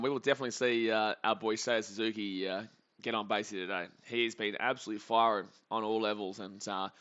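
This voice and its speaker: A young man calls baseball plays live and reads out chat messages, swinging quickly into excited outbursts. His voice is bright and forceful. The stream audio is dull and lo-fi. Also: lowish voice. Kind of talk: live play-by-play reaction stream.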